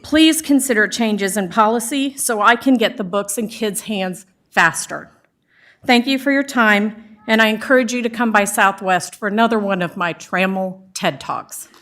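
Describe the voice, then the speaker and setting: A woman's voice: mid-range voice, normal speed, a bit bright. Older woman reading her prepared public comment aloud, earnest and emotional, with humor at her own expense. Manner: earnest, emotional, self-deprecating. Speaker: public commenter, former district lead librarian.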